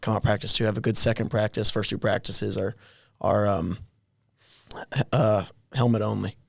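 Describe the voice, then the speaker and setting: A college athlete in his twenties, telling his story in a guest interview with many halting restarts and little chuckles. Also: on the low side, steady tone, vocal fry, a bit bright, dry recording. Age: 20s. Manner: halting, repeats words, chuckles while telling stories. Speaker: college football player, guest.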